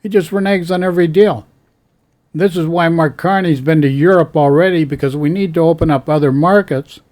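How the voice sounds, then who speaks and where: A man's voice: on the high side, brisk, a little mellow. A man ranting bluntly about politics in an exasperated tone. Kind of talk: casual political rant.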